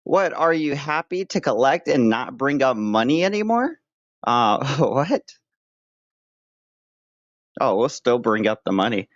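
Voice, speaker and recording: A man's voice: mid-range voice, sing-song, unhurried, pauses often, no room sound. A man streaming live and chatting with viewers, joking around in a crude, mock-tough way. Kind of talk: casual livestream chat. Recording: dull lo-fi dry sound.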